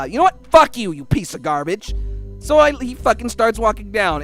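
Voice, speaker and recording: A man with a high-pitched voice tells a story in a heated, profane rant. He acts out the other people's lines as he goes, and soft music plays underneath. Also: big pitch swings, unhurried. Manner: angry, profane ranting. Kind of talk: casual storytelling.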